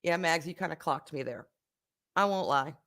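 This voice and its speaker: A woman talking casually on her own live stream. She is candid and rambling, swears freely, and swings between soft, quiet stretches and loud bursts as she reads viewer comments aloud. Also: sits low, normal speed. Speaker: livestream host.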